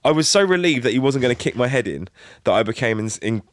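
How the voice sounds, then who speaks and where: A man's voice: medium pitch, lively intonation, fast, no echo. A young man, co-hosting a podcast and telling a story in a laid-back, sweary way. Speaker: podcast co-host. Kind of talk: casual chat.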